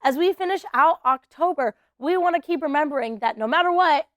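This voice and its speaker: A woman teaching preschoolers at church, telling a Bible story in an animated way and getting the kids to act along. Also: sits high, a little fast, no room sound, clean studio sound. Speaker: children's ministry teacher.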